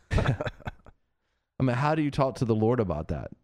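A man's voice: mid-range voice, big pitch swings, takes it slowly, a little mellow, no echo, studio quality. A man hosting a Christian talk show, preaching earnestly and repeating phrases for emphasis. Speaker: host of a Christian TV and radio show.

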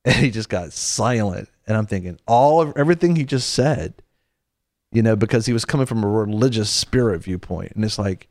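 A man's voice: fairly low pitch, expressive, a little fast, a little mellow, dry recording, clean studio sound. A middle-aged man hosting a Christian show, preaching in an earnest, conversational way that often restarts its sentences. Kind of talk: preaching talk-show segment.

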